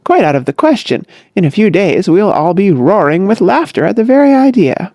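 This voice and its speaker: A narrator voicing a glib, cheerful young man who talks in smooth, airy flourishes in a comic audiobook. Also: high voice, very animated, normal speed, darkish tone, no echo, studio quality, voice pushed up. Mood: breezy, smooth. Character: breezy, glib young man eager to please.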